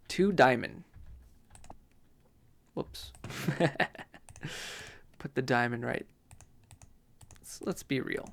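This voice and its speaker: A man's voice: mid-range voice, creaky. A man giving casual gameplay commentary, rambling to himself with mock outrage.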